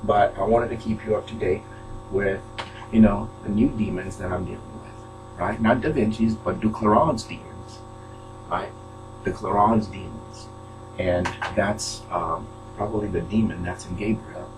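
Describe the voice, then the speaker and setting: A man's voice: on the low side, fairly even intonation, normal speed, over music. A man talking to his viewers from his apartment in a rambling casual monologue, often tagging his sentences with "right?". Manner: rambling, tags statements with "right?". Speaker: video blogger. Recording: distant mic with loud hum.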